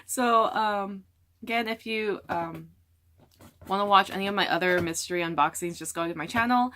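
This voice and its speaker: Young woman vlogger, mid-pitched, casual rambling unboxing chatter, filler-heavy. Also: moderate pace, sharp tone.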